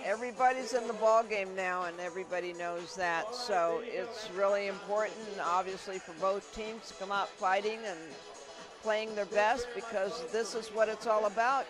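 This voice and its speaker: A woman doing color commentary for a tennis broadcast, emphatic and encouraging. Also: mid-range voice.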